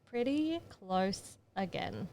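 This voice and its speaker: A woman's voice: mid-range voice, big pitch swings, slow pace, mellow, a little hiss or hum. Chatty woman talking through photo edits. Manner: chatty, muttering to herself while working. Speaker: photographer giving an editing tutorial. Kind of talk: casual thinking-aloud tutorial narration.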